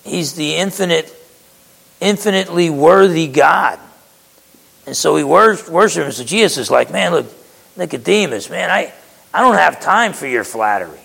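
A man's voice: fairly high pitch, lively intonation, moderate pace, vocal fry, a bit bright, husky, long reverb tail, low-quality recording. A man preaching a sermon in a conversational way, acting out quotes and often restarting his words.

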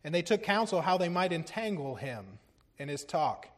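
A middle-aged man preaching, his voice sitting a bit higher than most men's. He presses his points with urgency, then drops low and quiet to let them land, and now and then laughs at himself. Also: very animated, moderate pace. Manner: earnest, swinging from urgent and loud to low and hushed; self-deprecating humor with small laughs. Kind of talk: sermon.

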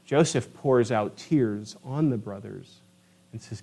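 A man preaching a sermon, animated and emphatic, asking his listeners rhetorical questions. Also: mid-range voice, takes it slowly, creaky, slightly rough. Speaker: pastor.

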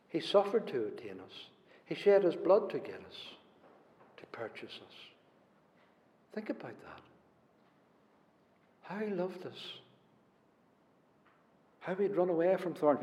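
A man preaching a sermon in an earnest way, moving from loud stressed phrases to hushed, near-whispered ones. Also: a little high, sing-song, measured pace, pauses often. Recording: dull audio with long hall reverb.

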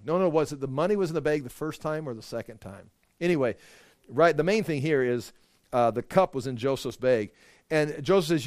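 A man's voice: on the high side, fairly quick, darkish tone, dry recording, studio quality. A man preaching a sermon, retelling scripture in a casual storytelling way with asides and jokes.

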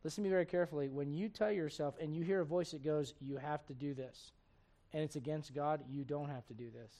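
High-voiced man preaching with rhetorical questions. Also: fast talker. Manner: swings between loud preaching and low, quiet asides. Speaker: pastor. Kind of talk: sermon.

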